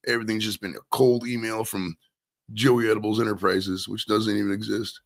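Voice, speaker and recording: A man's voice: fairly low pitch, flat delivery, brisk, vocal fry. Rambling profane man from Maine. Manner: rambling, profane, loose and conversational. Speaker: streamer and show host. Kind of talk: casual solo stream chat.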